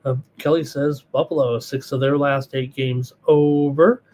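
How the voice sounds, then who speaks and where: A man's voice: mid-range voice, fairly even intonation, unhurried, darkish tone. Chatty man hosting a live betting show. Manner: rambling, many fillers and restarts, chatty. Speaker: sports betting show host. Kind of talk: live solo betting analysis, reading chat.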